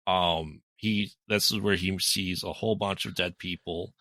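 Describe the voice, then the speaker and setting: This podcast co-host speaks a little slowly in a deep voice that sounds pushed and bright, with fairly even intonation and no echo. In a casual movie recap, he retells the film's plot, rambling and filling pauses with frequent ums.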